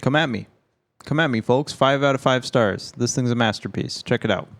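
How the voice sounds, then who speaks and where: A man co-hosting a casual film podcast, with a gravelly, creaky edge to his voice. He talks loosely, cracks jokes and swears freely. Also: medium pitch, a little fast, fairly bright tone. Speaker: podcast co-host.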